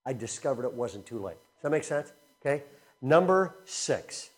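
A man preaching a sermon to his congregation, telling stories with animated bursts and slowing down for earnest, repeated emphasis. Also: mid-range voice. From Southern California. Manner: animated storytelling with laughter, then slow earnest emphasis. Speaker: pastor. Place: church before a congregation.

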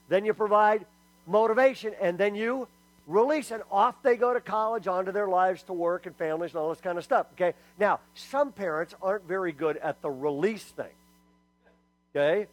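A middle-aged man giving a lively sermon-style talk to parents. He is emphatic and humorous, and keeps asking the audience "okay?" after each point. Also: high voice, no room sound, poor audio. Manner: humorous storyteller. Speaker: speaker at a church parenting talk.

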